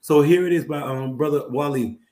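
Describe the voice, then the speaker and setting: A man hosts a talk show in a hoarse voice, still clearing his throat and coughing now and then. He speaks earnestly and circles back over his points with plenty of fillers. His voice sits a little high, and it sounds roomy and echoey. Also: fairly quick, mellow. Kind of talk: live-stream talk show, reading viewer comments.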